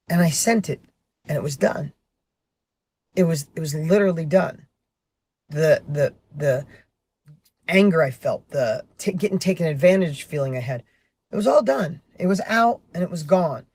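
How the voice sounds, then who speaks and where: A middle-aged man talking in an animated, storytelling way from a parked car, sometimes flaring into heated emphasis. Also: fairly high pitch, normal speed, long pauses, slightly rough, dry recording. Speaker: motivational vlogger. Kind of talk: casual motivational monologue.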